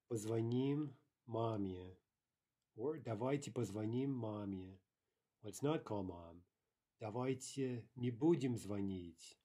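A man with a low, mellow voice and a slightly husky edge leads a grammar lesson. He explains each rule patiently and reads every example aloud more than once. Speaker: language teacher.

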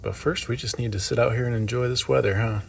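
A man with a gravelly, creaky voice coaxes his dogs in a sing-song, affectionate way. He is outdoors and then indoors, and faint noise sits behind him. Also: medium pitch, fairly even intonation, fast talker. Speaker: dog vlogger. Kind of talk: casual talk to his dogs.

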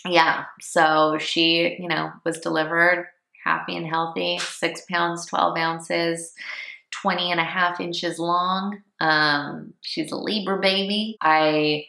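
A woman's voice: fairly low pitch, flat delivery, slow, creaky, bright, forceful tone. A woman in her thirties telling a personal story in a casual vlog, chatty and emotional, laughing often. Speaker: vlogger. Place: home room, indoors. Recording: echoey room.

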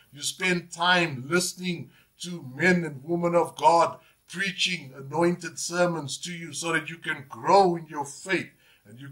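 A man's voice: on the high side, sharp tone. A man, preaching a sermon as pastor, emphatic and repetitive, often saying "Praise God". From South Africa.

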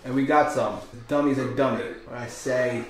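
A man's voice: mid-range voice, moderate pace. A man hosting a reaction video, chatting casually, laughing often and swearing. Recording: very echoey room.

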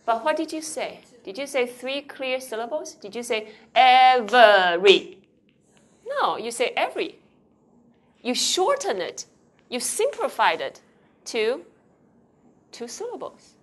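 Woman, university lecturer, Taiwanese accent, bilingual lecture, quizzing the class, somewhat high voice. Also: big pitch swings, unhurried, a bit bright, husky. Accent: Taiwanese Mandarin. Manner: explains and quizzes students, switching between Mandarin and English. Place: lecture hall.

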